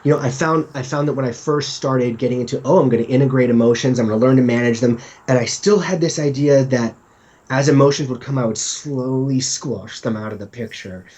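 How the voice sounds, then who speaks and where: A man's voice: mid-range voice, fairly quick, darkish tone. A man guesting on a podcast, talking candidly and with self-deprecating humor, sometimes acting out his own inner voice. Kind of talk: casual conversational interview. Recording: dull lo-fi sound.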